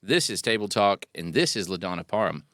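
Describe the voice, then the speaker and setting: A man's voice: deep voice, animated, a little fast, fairly bright tone, no room sound, clean studio sound. A man hosting a local talk show, chatting casually with a guest, joking and rambling with plenty of fillers. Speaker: podcast host. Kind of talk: casual interview chat.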